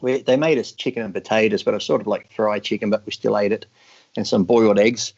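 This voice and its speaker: A man's voice: lowish voice, fairly even intonation, fast talker, darkish tone, slightly rough. A man guest on a podcast, casually telling crude, laughing anecdotes with lots of swearing. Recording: dull lo-fi audio.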